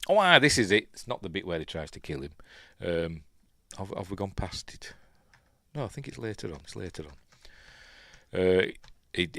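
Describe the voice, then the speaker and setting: This casual watch-along commentary comes from a film reviewer and channel host from Yorkshire. He rambles in a chatty way, hesitating often and fixing his words partway through sentences. His voice is fairly low and recorded dry and close-up, without room echo.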